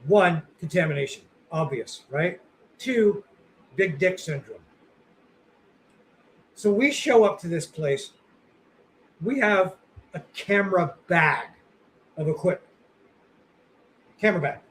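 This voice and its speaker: High-voiced man rambling bluntly. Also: lively intonation, takes it slowly, long pauses, fairly bright tone, slight background noise, poor audio. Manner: rambling, filler-heavy, blunt and profane. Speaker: podcast co-host. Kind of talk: casual podcast chat.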